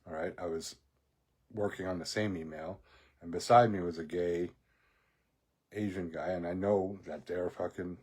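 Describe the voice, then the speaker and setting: A man's voice: low-pitched, steady tone, normal speed, pauses often, a little mellow, breathy edge. A man telling a rambling personal story in a casual monologue, profane and laughing often. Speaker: vlogger.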